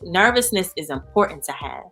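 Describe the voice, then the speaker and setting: A woman speaking as an interview guest in a candid, animated way, full of "you know" and "like". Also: on the low side, brisk, soft background music. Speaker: guest, founder of a support organization. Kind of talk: casual interview chat.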